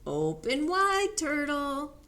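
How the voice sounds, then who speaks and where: A flustered, embarrassed storybook rooster, put on by a woman reading aloud. He speaks high and hurried, and his voice swoops up and down. The reading is slow and drawn out. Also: wildly swooping pitch, pushed and bright, exaggerated voice. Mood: eager. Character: flustered male rooster who lost his crow.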